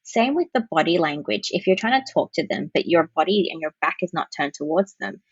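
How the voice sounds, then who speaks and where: A woman's voice: on the low side, expressive, fairly quick, breathy edge, dry recording, dull audio. A woman counsellor answering podcast questions in a practical, explanatory way with example phrases. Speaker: parent-child counsellor, guest.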